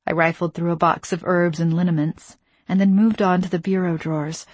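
A woman narrating a first-person novel in a measured voice, dropping to whispers in tense moments. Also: lowish voice, steady tone, breathy edge, no echo. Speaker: audiobook narrator.

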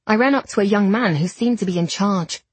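A woman narrating an audiobook in first person, with steady storytelling and period diction. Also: mid-range voice, brisk, husky, dry recording.

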